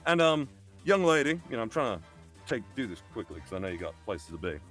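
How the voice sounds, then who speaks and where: A man with a Birmingham accent speaks at a middling pitch in a lively storytelling voice, swearing often and acting out the people in his story. He talks over what sounds like a streaming or call mic. Faint music plays quietly behind him. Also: quick pace. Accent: Birmingham English. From England. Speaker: guest telling a story. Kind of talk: animated storytelling on a live stream. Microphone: video call or streaming mic.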